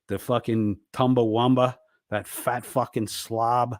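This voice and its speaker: A man's voice: on the low side, measured pace, darkish tone, no echo, studio quality. A man ranting angrily at another streamer, swearing and berating. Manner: angry, profane, berating. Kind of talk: ranting monologue.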